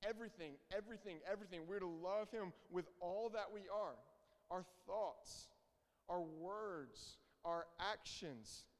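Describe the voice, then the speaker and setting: A man's voice: high voice, fairly bright tone. A young man preaching a sermon, earnest and emphatic, repeating his key phrases. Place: church hall. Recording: reverberant hall.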